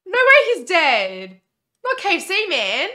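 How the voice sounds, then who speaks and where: A woman's voice: very high-pitched, wildly swooping pitch, a little slow, pushed and bright, soft background music. A woman co-hosting a movie reaction, chatting casually and gasping out exclamations.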